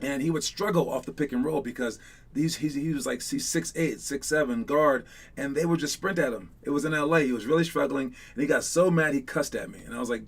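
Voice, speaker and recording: A man running a casual live online basketball coaching session, chatty and rambling with lots of fillers, teasing and excitable. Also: mid-range voice, a little fast.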